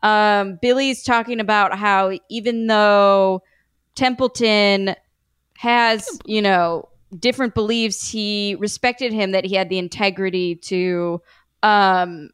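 A woman's voice: mid-range voice, fairly even intonation, takes it slowly, a bit bright, smooth, no room sound. A woman guest on a comedy podcast, chatting over a video call with exaggerated reactions. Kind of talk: casual comedic chat.

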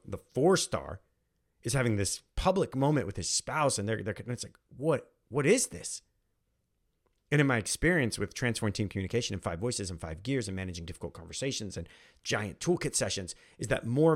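A man, a former airman turned trainer, telling a personal story in an earnest, emphatic way, repeating phrases for weight. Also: lowish voice. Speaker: podcast host and trainer.

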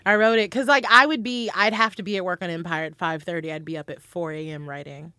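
A woman's voice: fairly low pitch, steady tone, quick pace, sharp tone, clear, resonant tone, dry recording, studio quality. A woman guest in a casual podcast chat, loose and profane, full of "like". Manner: loose, profane, heavy use of "like". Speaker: guest author and actress.

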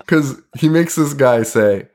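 A man chatting on a podcast in a relaxed, unscripted way. He laughs often, swears freely and acts out quotes as he retells scenes. His voice sits at an ordinary middle pitch. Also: takes it slowly. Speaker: podcast co-host. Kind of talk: casual chat.

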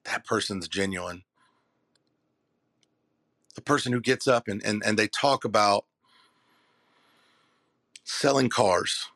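In a fairly low, bright and forceful voice with no echo, this man speaks as a keynote speaker and messaging coach. He motivates a live audience with a preacher-like, emphatic cadence, using dramatic pauses and repeating phrases.

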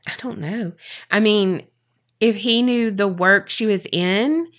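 Woman co-host, unhurried delivery, bright edge to the voice, easygoing. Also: medium pitch. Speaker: podcast co-host. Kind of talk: casual chat.

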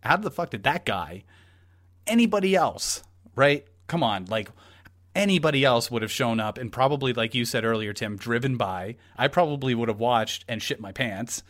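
Man, podcast co-host, casual true-crime chat, animated, swears a lot, rambling. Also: mid-range voice, normal speed.

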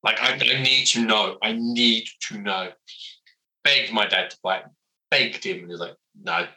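A man, a comic book writer telling animated, self-mocking stories as an interview guest, full of fillers. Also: on the low side, normal speed, vocal fry, rough recording. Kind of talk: casual interview storytelling.

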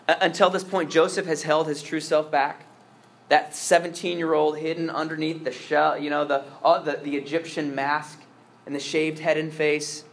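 A priest preaching a sermon, earnest and emphatic, repeating words as he restarts and swinging from strong stresses to hushed asides. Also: on the high side.

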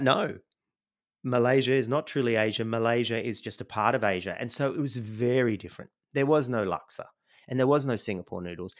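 A middle-aged Australian man, a podcast guest, telling his life story in a reflective, rambling way, with frequent "you know"s. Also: mid-range voice. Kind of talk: conversational storytelling.

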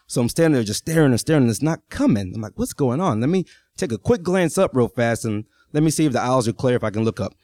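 A man's voice: medium pitch, animated, quick pace, darkish tone, no echo. Texas guy in his 30s telling a story live, keeps asking "right?", mid voice, dry sound. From Texas, USA. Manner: conversational, keeps checking in with the audience.

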